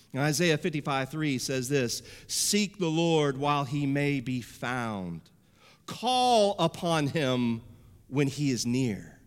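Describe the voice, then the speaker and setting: A man's voice: a little high, a bit bright. A man preaching a sermon as pastor, emphatic and repeating phrases for effect. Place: church sanctuary. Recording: long reverb of a church sanctuary.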